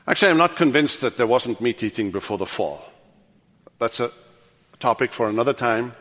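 Older guy preaching in a church, goes loud then drops to a hush, echoey hall. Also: medium pitch, expressive, a little fast. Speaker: pastor. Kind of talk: sermon. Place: church sanctuary.

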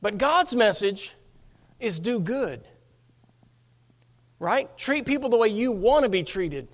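A man's voice: sits high, lively intonation, slow. A man preaching a sermon as pastor, emphatic, often asking his congregation rhetorical questions.

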